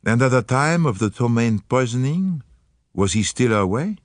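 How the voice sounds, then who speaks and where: A man's voice: medium pitch, animated, moderate pace, no room sound, clean studio sound, voice pushed up, close to an everyday voice. A man doing a fussy, shrewd old detective. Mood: measured. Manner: formal, precise and methodical. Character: fastidious, shrewd older male detective.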